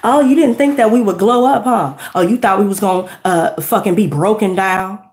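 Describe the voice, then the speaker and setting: A woman's voice: medium pitch, moderate pace, darkish tone, echoey room. A woman giving a tarot reading, ranting bluntly and heatedly with lots of profanity. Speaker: tarot reader. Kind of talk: unscripted tarot reading rant.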